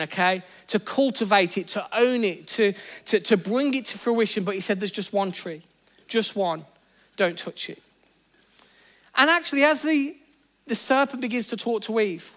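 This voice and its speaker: High-voiced man preaching earnestly. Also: a bit bright. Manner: earnest, conversational teaching with repeated phrases. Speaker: pastor. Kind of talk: sermon.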